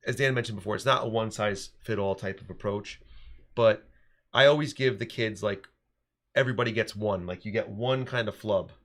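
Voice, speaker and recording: A man in his thirties with a fairly low voice talks through a casual podcast discussion as a teacher. He tells stories in an animated way and often restarts his sentences. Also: normal speed. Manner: animated storytelling, frequent restarts.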